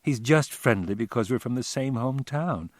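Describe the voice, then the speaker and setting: A man voicing a young wife who talks softly and quietly. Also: mid-range voice, animated, moderate pace, no room sound, clean studio sound, close to an everyday voice. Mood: gentle. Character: young wife, gentle, a little defensive.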